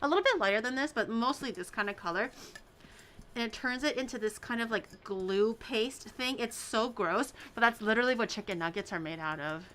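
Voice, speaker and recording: A woman's voice: fairly high pitch, lively intonation, brisk, fairly bright tone, slight background noise. A woman hosting a baking video, chatting casually and rambling through stories with the odd swear. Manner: rambling storyteller, swears casually, many fillers. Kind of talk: casual chat while baking.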